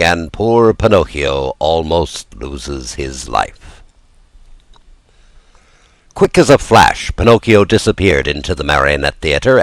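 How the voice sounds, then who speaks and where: A man narrates a children's classic in a low, resonant-sounding register, his pitch rising and falling with theatrical life. The recording is close and dry, with no room sound. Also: no echo. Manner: lively, theatrical delivery. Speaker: audiobook narrator. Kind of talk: expressive storybook reading.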